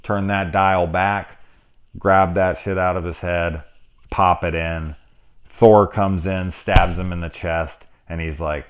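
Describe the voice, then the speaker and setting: A man with a very low, deep voice talks through a movie in loose, casual review style. He rambles, drops in swear words, and chuckles at his own asides. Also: fairly even intonation, slow pace, slight background noise. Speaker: film reviewer. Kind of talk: casual spoilery movie discussion.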